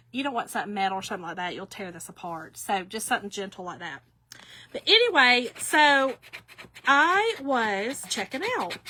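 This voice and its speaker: Chatty woman, bright voice. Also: on the high side, a little hiss or hum. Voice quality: chatty, rambling storyteller. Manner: talks to viewers while working with her hands. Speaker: craft shop owner. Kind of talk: chatty livestream crafting demo.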